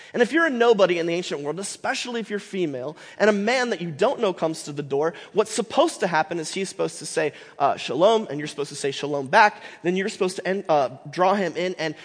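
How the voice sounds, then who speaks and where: A man teaching a Bible class, talking in an animated, emphatic way with many fillers and restarts. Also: high-pitched, big-room sound.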